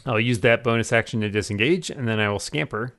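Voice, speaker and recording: A man's voice: mid-range voice, quick pace, a bit bright. A man playing a tabletop game, chatty, thinking aloud about rules and dice rolls. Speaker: player.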